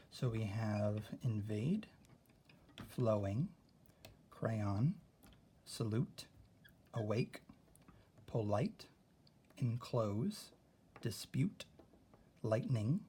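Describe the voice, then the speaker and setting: A man's voice: lowish voice, warm tone, slight background noise. A man teaching a phonics lesson to a class, patiently sounding out vowels and syllables.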